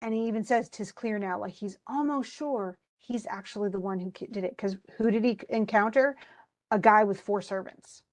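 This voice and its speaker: A woman teaching a class, retelling a play in a lively, casual way with slangy asides. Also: medium pitch, normal speed.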